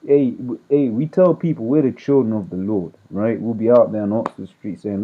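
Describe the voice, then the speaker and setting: A man's voice: lowish voice, moderate pace, hardly any pauses. A man teaching scripture informally as a street preacher. He reads verses aloud, explains them in slang, and keeps checking in with "right?". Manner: checks in with "right?" after nearly every point. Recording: tinny phone-like audio.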